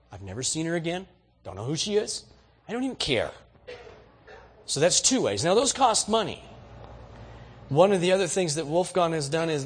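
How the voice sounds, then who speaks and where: Male pastor, husky tone, leans high, folksy storytelling sermon.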